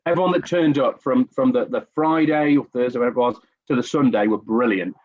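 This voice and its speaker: A man's voice: mid-range voice, fairly quick, darkish tone, dry recording. A man telling stories in a casual podcast chat, self-deprecating and chatty. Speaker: podcast guest. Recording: dull lo-fi recording.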